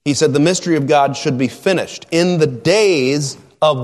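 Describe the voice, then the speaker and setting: A man preaching an expository sermon, emphatic and drawn out, with sudden shouts and quiet asides. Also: a little high, normal speed. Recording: long hall reverb.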